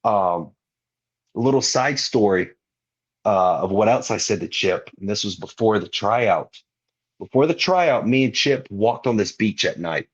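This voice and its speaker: His lowish voice has a breathy edge and runs a little slow through a muffled recording. A young wrestler on a podcast, he's a lively storyteller who uses slang and acts out others' words in casual talk.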